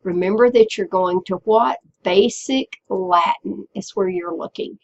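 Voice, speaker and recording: A woman teacher walking students through a software tutorial step by step, patiently checking in with them as she goes. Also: medium pitch, unhurried, vocal fry, lo-fi sound. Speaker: Spanish teacher. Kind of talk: screen-recorded software tutorial.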